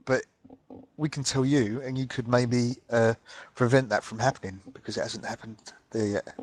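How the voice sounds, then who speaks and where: A man hosts a casual gaming podcast in a playful, joking way. His voice sits at a middle pitch and sounds dry and close, with no room echo. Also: steady tone, normal speed. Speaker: podcast host.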